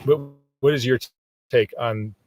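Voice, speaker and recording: A man interviewing someone, asking calm questions with frequent restarts. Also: medium pitch, unhurried. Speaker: documentary interviewer.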